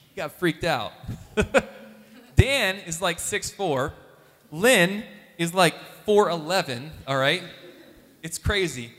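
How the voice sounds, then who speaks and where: A man, a youth minister, giving an animated testimony talk and acting out the voices of the people in his story. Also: sits high, measured pace, pauses often, in a large hall.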